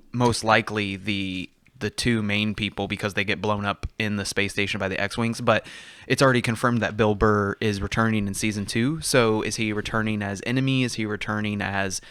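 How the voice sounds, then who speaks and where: A man with a fairly low, smooth and clear voice, talking casually as a podcast co-host. He rambles and gets animated, laughing between thoughts. The sound is dry and close to the mic. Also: no room sound. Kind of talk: casual chat.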